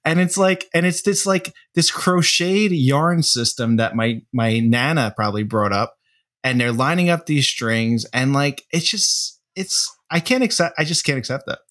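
Here a male host keeps the casual chat going with jokes, reacting through laughter and crude, blunt remarks. He speaks at a normal speed in a slightly high, fairly bright voice.

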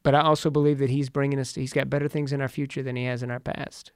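A man's voice: medium pitch, flat delivery, fast, darkish tone, smooth, no echo, studio quality. A man in his forties with teenage daughters, talking earnestly about family and faith, telling stories. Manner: earnest, storytelling, prayerful. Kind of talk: casual faith talk.

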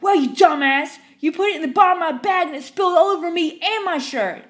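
A woman's voice: very high-pitched, quick pace, voice pushed up. A woman voicing a furious man in his fifties who screams and curses at a drive-thru worker. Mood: enraged. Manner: screaming, cursing, ranting.

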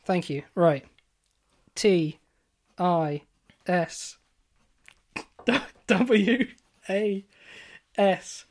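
Deadpan woman, lowish voice. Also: extremely slow, pauses often. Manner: deadpan, earnest conspiracy-theorist act, hesitant fillers. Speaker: podcast co-host. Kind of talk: mock-serious comedy podcast chat.

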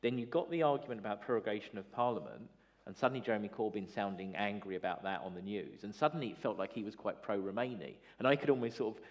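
A man in casual political chat, chatty and animated, with lots of fillers. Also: on the low side, fast. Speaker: political commentator, former party staffer.

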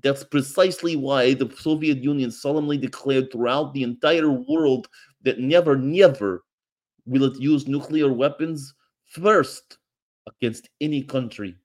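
A man voicing a gruff Soviet cartoon-villain man, mocking and menacing. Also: mid-range voice, measured pace, pitched above the performer's own voice, lightly acted. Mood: solemn.

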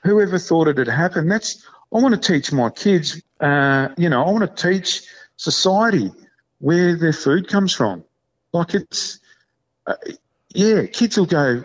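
A man's voice: fairly high pitch, lively intonation, a little slow, highs cut off. An Australian man talking earnestly and a bit ramblingly as a guest on a podcast, calling his host "mate". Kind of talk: casual chat.

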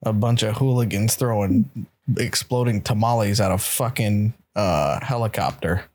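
A man's voice: fairly low pitch, normal speed, darkish tone. A man playing a tabletop role-playing game, talking in character in a wry, blunt and skeptical way. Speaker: player.

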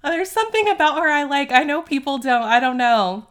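A woman co-hosting a casual chat, relaxed, laughing easily and drawing out her words. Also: sits high, brisk. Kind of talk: casual chat about reality TV.

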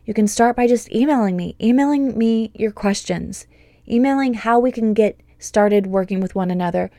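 A woman in her thirties talks through a casual podcast monologue, gushing and upbeat and wandering into excited asides. Her voice is warm and mellow rather than bright, and the recording is dry and close, with no room sound. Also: fairly high pitch, moderate pace, dry recording. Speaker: podcast host and homeschool business coach.

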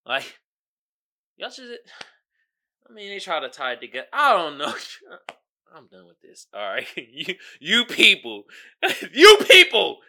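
A man's voice: on the high side, sing-song, a little slow, long pauses, pushed and bright. A man hosting his own podcast, talking casually and animatedly, with frequent exclamations and laughter. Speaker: podcast host. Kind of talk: casual solo commentary.

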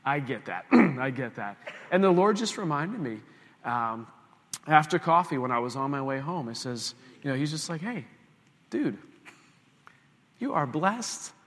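A man's voice: medium pitch, expressive, moderate pace, big-room sound. A man preaching a conversational sermon, telling a self-mocking story with asides to the congregation. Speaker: pastor.

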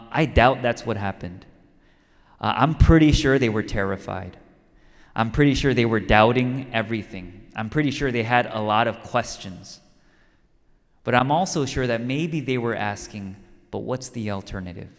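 A man's voice: mid-range voice, moderate pace. Man preaching in a reverberant hall. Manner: conversational preaching with stories and repeated lines for emphasis. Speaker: pastor. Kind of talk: sermon. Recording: long reverb of a large hall.

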